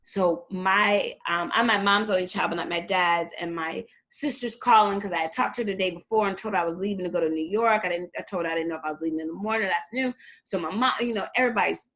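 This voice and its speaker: A middle-aged woman telling her story as a guest in a casual interview, lively and acting out the people she quotes. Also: quick pace. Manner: animated, acts out quotes with big jumps in pitch. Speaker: guest, performer and fitness trainer.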